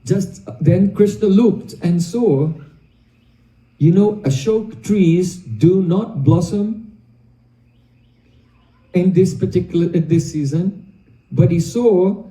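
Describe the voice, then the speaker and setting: High, dark-toned man preaching in an echoey room. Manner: animated, acts out quoted dialogue, chuckles. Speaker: spiritual teacher. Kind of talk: devotional storytelling lecture. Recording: echoey room, mic at a distance.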